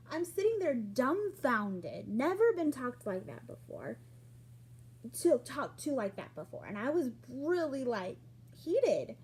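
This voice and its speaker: A woman with a fairly high, breathy voice and a soft, mellow tone tells a personal story to camera. She talks casually and acts out what people said, jumping up in pitch and volume. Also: takes it slowly. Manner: animated, acts out quoted lines with sudden jumps in pitch and loudness.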